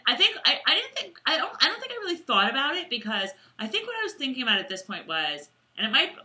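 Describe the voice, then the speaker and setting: Bright, lively woman chatting casually. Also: on the high side. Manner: giggly, slips into playful mock British accents. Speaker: podcast co-host. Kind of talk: casual chat.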